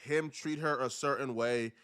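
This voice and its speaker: A man's voice: mid-range voice, fairly even intonation, moderate pace, fairly bright tone, smooth. A man casually narrating a court case, reading out claims and commenting on them. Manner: conversational, reads out claims with commentary. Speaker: video narrator.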